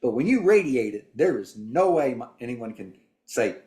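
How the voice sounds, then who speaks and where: Class member, man, reflective, lively pitch, roomy church room. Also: moderate pace. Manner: reflective, explains with homespun examples. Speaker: class participant. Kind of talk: group Bible discussion.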